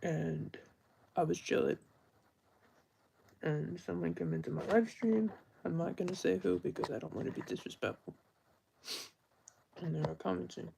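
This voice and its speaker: A man's voice: on the high side, normal speed, vocal fry, long pauses, mellow, slight background noise. A young man talking earnestly and at length on a live stream, often stopping to correct himself. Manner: earnest, rambling, self-correcting. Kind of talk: unscripted live-stream monologue.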